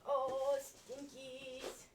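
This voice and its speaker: High-voiced woman cooing baby talk. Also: monotone, extremely slow, recorded from a distance, soft background music. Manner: gushing baby talk to her dog. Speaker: streamer. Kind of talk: casual chat on stream. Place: home indoors. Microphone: headset set aside. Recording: off-mic with faint noise.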